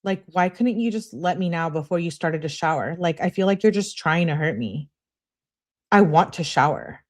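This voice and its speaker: An insistent young woman pleads with her boyfriend and makes demands of him, as a woman reads her messages aloud. The delivery is raised and pushy, sitting a little above a low natural voice. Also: expressive, normal speed, close to an everyday voice.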